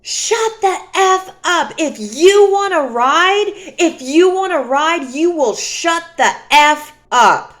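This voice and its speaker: A woman voicing her enraged, bullying boyfriend as he yells at her from the driver's seat. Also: animated, slow pace, few pauses, full character voice. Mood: enraged yelling. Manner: yelling, shrill and raised. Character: screaming angry boyfriend, man, enraged, bullying.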